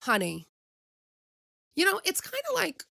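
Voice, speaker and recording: A woman's voice: very high voice, huge pitch swings, a little slow, vocal fry, pushed and bright, no room sound, clean studio sound. A young woman hosting her own podcast, giving passionate opinionated commentary and speaking straight to her listeners. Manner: impassioned, preachy, addresses listeners directly. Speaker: podcast host.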